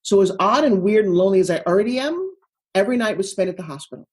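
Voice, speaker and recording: Husky woman with a Long Island accent. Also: mid-range voice. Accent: Long Island New York. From Long Island, New York. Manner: animated, quick asides and self-mocking humor. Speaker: guest. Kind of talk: casual interview storytelling.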